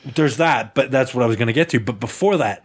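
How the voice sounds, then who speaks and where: A man's voice: medium pitch, fairly quick, slightly rough. A man hosting a casual chat among friends, telling a story, laughing often and getting sidetracked. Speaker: podcast host.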